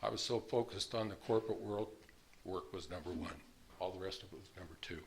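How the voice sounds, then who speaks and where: This low-pitched man talks a little fast as he tells the story of his own recovery. In his sixties, he's blunt and plain-spoken and sometimes laughs at his past.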